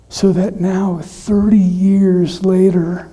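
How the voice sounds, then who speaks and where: A hoarse middle-aged pastor preaching a sermon in a halting, emotional way that often sinks to a whisper. His weakened voice is husky and deeply dark. It echoes with the long reverb of a church sanctuary. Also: flat delivery.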